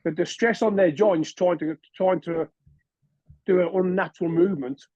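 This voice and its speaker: A man's voice: high-pitched, steady tone, moderate pace, darkish tone, no room sound. Man, dull dry recording. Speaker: podcast co-host. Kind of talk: casual podcast chat. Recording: dull, dry mic sound.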